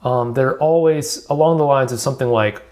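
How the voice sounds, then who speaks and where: A man from Alabama talks through his solo podcast episode in a loose, candid way. He restarts his sentences and fills pauses with ums and uhs as he works through his thoughts. His voice sits at an ordinary middle pitch. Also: a little mellow. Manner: candid, rambling, many restarts and fillers. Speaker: podcast host. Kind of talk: casual solo podcast talk.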